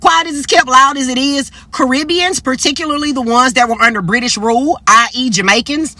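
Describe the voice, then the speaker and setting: A woman's voice: sits high, brisk. A woman from upstate South Carolina, giving emphatic, playful commentary to camera. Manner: animated, emphatic, playful slang.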